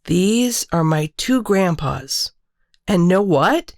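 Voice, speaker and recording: A woman voicing a shy, upset little girl in a storybook read-aloud, with a high, small, tearful child voice. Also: animated, slow, darkish tone, no echo, studio quality. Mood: excited.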